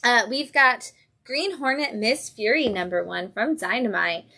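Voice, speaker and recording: A woman's voice: fairly high pitch, a little slow, vocal fry, bright, forceful tone. A woman hosting a casual livestream, chatting enthusiastically about new comics and acting out characters' lines. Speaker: comic shop host.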